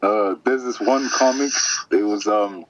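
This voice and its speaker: A man's voice: lowish voice, measured pace. A man hosting a podcast in casual chat, telling crude stories with lots of swearing. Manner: crude, animated, swearing storyteller. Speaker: podcast host. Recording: dull lo-fi sound.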